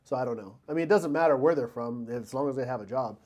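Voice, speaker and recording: A man co-hosting a laid-back podcast at an ordinary mid pitch. He rambles, trips over his own words and corrects himself, and slips jokes in as he goes. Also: fast talker, a little mellow. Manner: rambling, self-correcting, jokey. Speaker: podcast co-host. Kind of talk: casual podcast chat.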